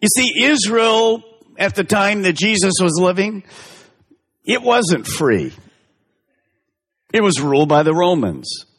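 Male pastor, sermon delivery, lively swooping pitch, long hall reverb. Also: breathy edge. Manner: emphatic, drawn-out stresses with big pitch swings.

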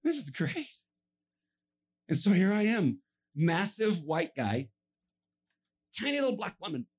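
Man preaching, husky, fairly high voice, acted-out voices, hushed to shouting. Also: big pitch swings, unhurried. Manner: acts out voices in his stories, swings from hushed to shouting. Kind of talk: animated sermon storytelling.

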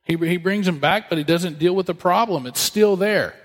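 Male pastor in his thirties, high voice, casual joking sermon style, long hall reverb. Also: normal speed. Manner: conversational, joking asides.

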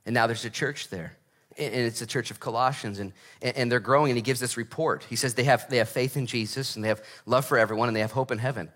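A middle-aged man preaching a sermon as pastor, reading scripture and telling stories with lively acted voices. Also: medium pitch, fast talker. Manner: animated storytelling with acted voices.

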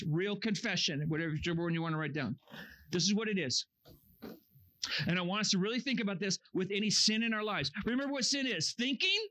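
A man preaching a sermon to young campers, earnest and animated, acting out excuses in a raised voice. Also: high voice. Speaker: camp speaker. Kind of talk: youth camp sermon. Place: camp meeting room.

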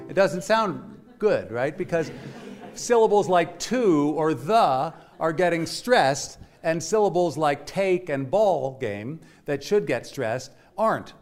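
A man's voice: fairly high pitch, animated, slow pace, faint music behind. A man giving a classroom lecture to a live audience, explaining in a chatty way and walking listeners through examples. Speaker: music lecturer.

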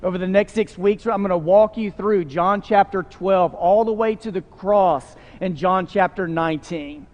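A man's voice: high-pitched, moderate pace, hardly any pauses, a little mellow, dull audio. A man preaching a sermon as a pastor, in an earnest, conversational way with frequent fillers. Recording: long hall reverb.

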